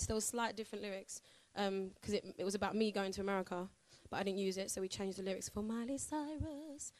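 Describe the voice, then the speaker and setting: A woman's voice: medium pitch, moderate pace, no echo. A woman, chatting in a bubbly, casual way as a singer answering questions from a live audience. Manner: bubbly, chatty, laughs often.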